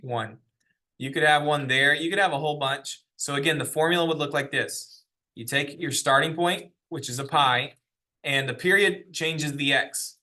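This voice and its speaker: A man's voice: on the high side, normal speed, bright, forceful tone. A man teaching a math lesson in a classroom, explaining step by step and asking the class questions. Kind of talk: classroom lecture.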